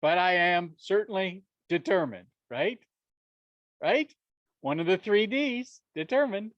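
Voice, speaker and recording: A man telling a business story to an audience, animated and acting out the dialogue, chuckling often. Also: high-pitched, slow, no room sound, lo-fi sound. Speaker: speaker sharing a business story.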